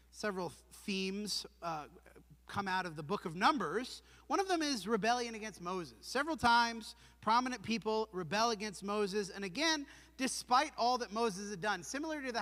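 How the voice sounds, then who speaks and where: A man with a high, bright, forceful voice preaches an earnest, emphatic sermon. He asks his listeners pointed questions. His words ring through a church with a long hall reverb. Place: church sanctuary.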